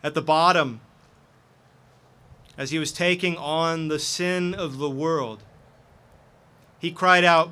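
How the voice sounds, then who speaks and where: A man's voice: fairly high pitch, steady tone, slow, pauses often, pushed and bright, smooth. A man preaching a sermon as pastor, earnest and impassioned.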